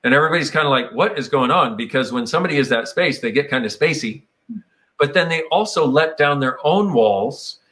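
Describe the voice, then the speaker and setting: Guy talking casual and reflective, bright sharp voice, kinda rambly. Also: a little high, lively intonation, brisk. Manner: meandering, reflective, slips into playful quoted voices. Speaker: speaker on personal growth. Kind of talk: casual conversational talk.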